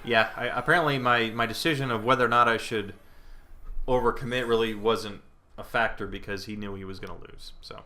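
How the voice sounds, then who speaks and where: Bright-voiced young man thinking aloud. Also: medium pitch, fairly even intonation, fairly quick. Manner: thinking aloud, hesitant, with playful put-on panic. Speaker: gameplay commentator. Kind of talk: casual gameplay commentary. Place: indoor room at home, planes passing overhead.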